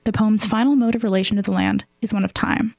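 A woman host reading scripted commentary and announcements in an even delivery. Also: medium pitch, quick pace, dry recording, rough recording. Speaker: radio show host.

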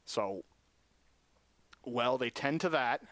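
Casting: young male sportscaster, dry close mic, energetic play calling. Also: medium pitch, no room sound. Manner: upbeat, quick play-calling, turns somber and shaken after an injury. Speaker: play-by-play commentator. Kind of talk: live football commentary.

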